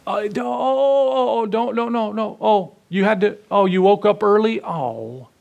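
A doting coddler fussing over a pampered grown-up, as a preacher puts the voice on. The voice is pitched well up and stretched out slowly, cooing and fretting over every little hardship. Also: male voice, creaky, a little mellow, dull audio.

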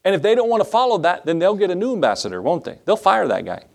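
A man preaching a sermon as pastor, emphatic, with rising bursts and slow drawn-out stresses. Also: sits high, wildly swooping pitch, gravelly.

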